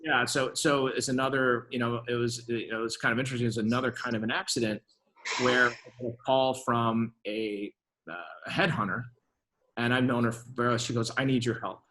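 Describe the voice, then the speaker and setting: A man in his fifties talks as a venture capitalist guest in a conversational interview. His voice sits at an ordinary middle pitch for a man. He tells stories with lively energy, acts out quoted exchanges, and often restarts his sentences. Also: fairly quick. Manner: lively storyteller who acts out quoted dialogue, with frequent restarts.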